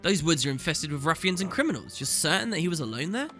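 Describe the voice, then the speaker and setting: A man voicing a charming, roguish young nobleman with a smooth, teasing delivery. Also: fairly high pitch, very animated, fast talker, bright, forceful tone, soft background music, exaggerated voice.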